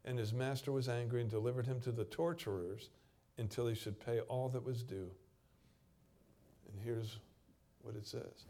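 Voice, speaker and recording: A man with a mid-range voice preaches, giving scripture a dramatic reading. His delivery rises into loud stretches and drops into quiet emphasis.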